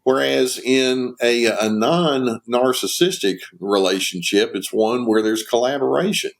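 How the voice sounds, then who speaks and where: An older man, a psychologist guest on a podcast, explaining calmly and acting out sample lines of dialogue. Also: medium pitch, gravelly. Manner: measured, explains with acted-out example dialogue. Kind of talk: conversational podcast interview.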